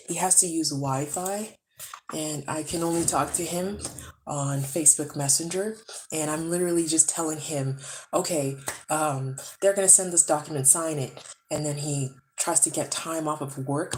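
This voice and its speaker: A woman's voice: low voice, background noise. A young woman from Africa, chatting casually and rambling on a live stream from her home. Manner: chatty, rambling, animated storytelling.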